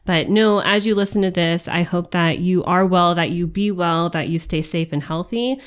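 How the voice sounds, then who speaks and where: A woman with a lowish, smooth and resonant voice hosts a reflective podcast. She speaks earnestly to her listeners and encourages them gently, like a coach. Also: moderate pace. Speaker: podcast co-host, wellness coach.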